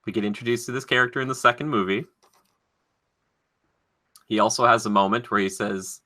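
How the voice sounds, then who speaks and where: Young male podcast host with a very bright, sharp tone and an animated, joking delivery. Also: on the low side, a little fast, long pauses. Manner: animated, laughing, playfully acting out movie quotes. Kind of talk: casual chat, running a movie quote quiz.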